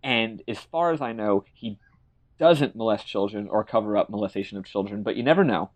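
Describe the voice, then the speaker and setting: A man's voice: on the low side, fairly quick, muffled recording. Man rambling through a game recap. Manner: rambling, joking. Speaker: podcast co-host. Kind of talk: casual chat recapping a video game.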